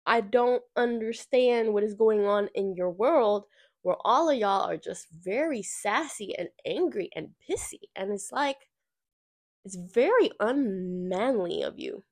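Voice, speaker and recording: Speaking a little slowly in a mid-range voice, a woman podcast host rants casually about her workplace. The storytelling is lively and profane, with plenty of sass and acted-out quotations.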